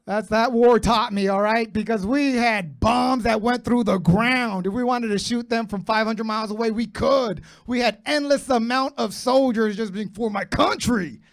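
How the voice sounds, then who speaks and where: A brash man in his thirties working a stand-up comedy set, his voice sitting high for a man. He talks with a loose, profane swagger and throws lines straight at the crowd. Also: normal speed, hardly any pauses. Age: 30s. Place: comedy club stage with live audience.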